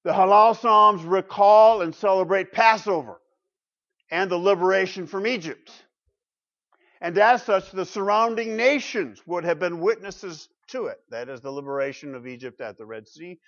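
A man's voice: sits high, moderate pace, fairly bright tone. A middle-aged man preaching a sermon as pastor, emphatic, asking the congregation rhetorical questions. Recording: dull lo-fi sound.

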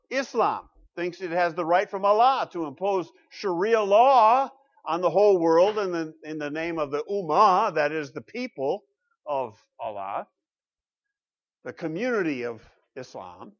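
A man's voice: sits high, expressive, moderate pace, a bit bright. A middle-aged man preaching a sermon as pastor, emphatic, asking the congregation rhetorical questions. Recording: dull lo-fi sound.

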